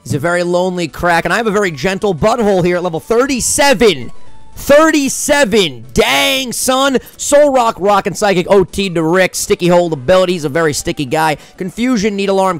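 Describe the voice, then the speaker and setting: A man's voice: high voice, a little fast, hardly any pauses, soft background music. A young man co-hosting a gaming session, playful and teasing, stretching out words for emphasis. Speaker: co-host. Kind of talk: gaming commentary.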